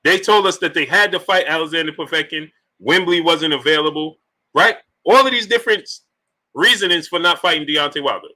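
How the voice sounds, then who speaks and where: Brisk and sharp-toned, his voice pitched fairly high, a man hosts a boxing talk live stream. He reads super chats out loud and peppers the chat with repeated rhetorical questions.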